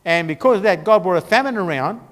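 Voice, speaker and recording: A man's voice: high voice, animated, quick pace. A man teaching a Bible class, telling the history in a conversational, storytelling way while he points along a map. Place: church. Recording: long church-hall reverb.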